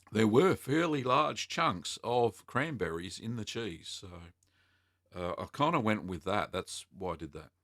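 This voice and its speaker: A man's voice: on the low side, a bit bright, dry recording, clean studio sound. A man with an Australian accent hosting a casual livestream, reading viewer comments aloud and answering them with plenty of ums and uhs. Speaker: livestream host answering cheesemaking questions.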